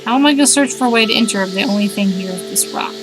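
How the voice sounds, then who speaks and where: A woman streaming a game live, reading the game's text aloud and chatting, reacting out loud and talking to her cat. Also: mid-range voice, very fast, background noise.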